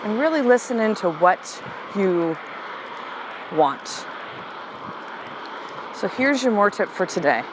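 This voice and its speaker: This middle-aged podcast host and coach has a medium pitch, and the background is noisy. She recounts something personal with openness and energy, later dropping into a gentle, slow pace for calming affirmations.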